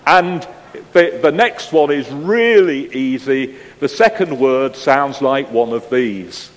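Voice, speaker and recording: A man preaching a sermon, chatting with the congregation through a picture quiz and putting questions to them with gentle humor. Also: mid-range voice, expressive, takes it slowly. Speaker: pastor. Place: church. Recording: long church reverb.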